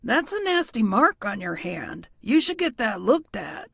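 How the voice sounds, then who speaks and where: A woman's voice: fairly high pitch, big pitch swings, measured pace, vocal fry, husky, no echo, clean studio sound, exaggerated voice. A woman doing a folksy older police chief. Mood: probing. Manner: folksy, probing questions. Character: genial older male small-town police chief. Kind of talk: audiobook character voice.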